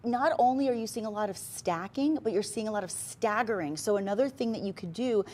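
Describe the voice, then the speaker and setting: A woman's voice: mid-range voice, a little fast, darkish tone, slight background noise. A woman co-hosting a TV shopping show, talking in a persuasive, conversational way. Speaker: shopping channel host. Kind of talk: live TV shopping banter.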